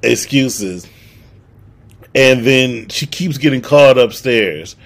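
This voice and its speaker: A crowd can be heard behind this podcast co-host, a young man in his twenties speaking slowly at medium pitch. He tells a story in casual, profane chat, animatedly acting out quoted dialogue.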